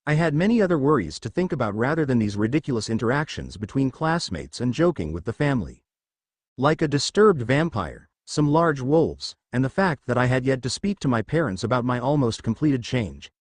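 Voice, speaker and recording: Man narrating a story, lively pitch. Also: no room sound. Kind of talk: first-person fan fiction reading.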